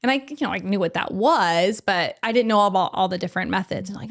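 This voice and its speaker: Animated woman telling a story. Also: mid-range voice, quick pace, gravelly. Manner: animated, laughing, acts out quoted voices. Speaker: podcast guest. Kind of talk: casual storytelling.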